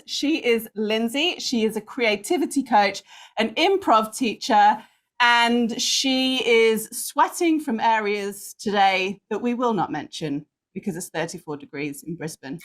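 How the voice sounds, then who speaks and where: A woman co-hosting a podcast, chatting casually with quick laughing asides. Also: fairly high pitch, a bit bright. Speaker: podcast co-host and performance coach. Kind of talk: casual banter.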